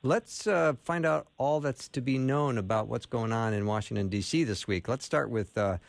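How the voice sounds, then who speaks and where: A male radio talk show host with a chatty, easygoing way of talking, full of little fillers. His voice sits at an ordinary pitch. The studio sound is dry and close. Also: normal speed, creaky, dry recording. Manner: chatty, with many fillers and laughs.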